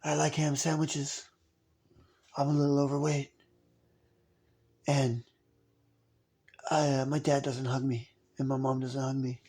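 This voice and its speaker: A man's voice: medium pitch, a little slow, pauses often, breathy edge. A man doing a mumbly shy kid. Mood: mopey. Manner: quiet, mumbling, flat. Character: chubby timid sixth-grade boy.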